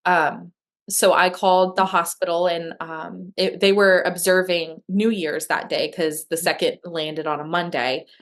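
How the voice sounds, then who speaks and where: A woman's voice: lowish voice, steady tone, measured pace. A woman guest telling a personal story in a candid, emotional way, with many fillers and restarts. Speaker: guest sharing her adoption story. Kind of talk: conversational interview storytelling.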